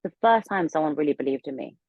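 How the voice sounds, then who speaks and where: A young woman telling a long story as a podcast guest, rambling and animated with plenty of fillers. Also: deep voice, quick pace, creaky, no echo, muffled recording. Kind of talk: casual storytelling interview.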